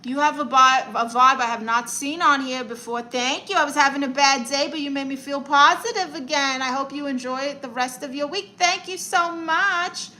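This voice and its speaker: A woman's voice: high-pitched, sharp tone, poor audio. Sassy Brooklyn woman chatting on stream. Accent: New York. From Brooklyn, New York. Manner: sassy, playful, quick comebacks. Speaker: comedian live-streaming with viewers. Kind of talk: casual live-stream chat, reading viewer comments.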